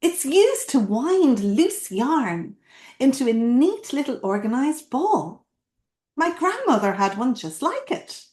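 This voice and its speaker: A woman's voice: high voice, sing-song, slow pace, warm tone, pitched above the performer's own voice, full character voice. Woman doing a cheerful elderly lady neighbor. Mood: delighted. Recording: roomy echo.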